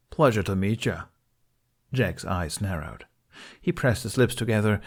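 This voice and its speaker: Low-voiced man reading a story. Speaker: podfic reader.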